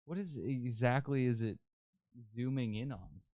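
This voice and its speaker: A man from Canada hosting a political podcast, ranting in a loud, crude and sarcastic way with frequent restarts. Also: mid-range voice, measured pace, no echo. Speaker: podcast host.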